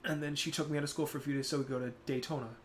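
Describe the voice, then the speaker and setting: A young man streaming, talking casually and reflectively, turning soft-spoken when emotional. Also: a little high, flat delivery, racing, slight background noise. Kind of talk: casual chat.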